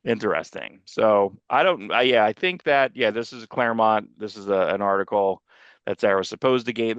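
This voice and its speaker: A man's voice: fairly low pitch, fairly bright tone, no room sound, dull audio. A man co-hosting a comics podcast, chatting casually and rambling through a movie review, often restarting his sentences. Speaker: podcast co-host.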